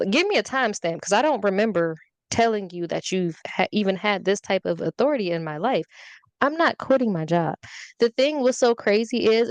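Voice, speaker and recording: A woman's voice: mid-range voice, dry recording. Candid young woman. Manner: petty, candid, animated storytelling with swearing. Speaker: podcast guest, social media influencer. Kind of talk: casual podcast chat.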